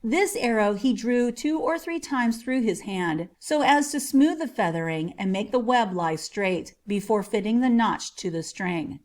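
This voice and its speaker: A woman narrating a storybook in a gentle, measured way. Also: on the high side, expressive. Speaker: audiobook narrator.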